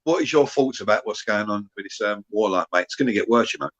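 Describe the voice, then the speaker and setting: A Cockney man co-hosting a casual football watch-along chat, talking quickly with slang and swearing. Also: fairly low pitch, a crowd in the background. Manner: rapid, chatty, peppered with slang and swearing. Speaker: watch-along show co-host. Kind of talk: casual banter. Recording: lo-fi dull audio.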